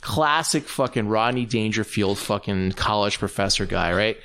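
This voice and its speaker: A man with a lowish voice co-hosts a comedy podcast and tells stories loosely, swearing constantly as he goes. Laughter keeps breaking into his talk. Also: normal speed, a bit bright. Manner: profane storytelling, swears constantly, laughs often. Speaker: podcast co-host. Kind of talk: casual comedic podcast chat.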